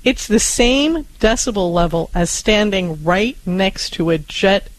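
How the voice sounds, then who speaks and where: A co-host on a parenting advice show, speaking in a reassuring, calm and measured way. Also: mid-range voice, a little hiss or hum, poor audio. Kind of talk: advice talk show discussion.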